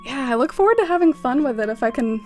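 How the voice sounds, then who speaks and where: A woman's voice: sits high, expressive, fast, darkish tone, soft background music. A young woman streaming a game, chatting bubbly and giggly with her viewers, full of "like". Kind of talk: casual live-stream chat.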